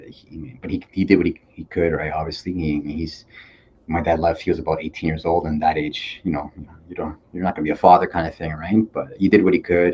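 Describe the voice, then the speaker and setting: A man from Toronto, Canada, a police officer and army veteran, speaking as a podcast guest in an earnest, reflective way with halting fillers. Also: very deep voice, warm tone, muffled recording, a little hiss or hum. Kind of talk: candid conversational interview.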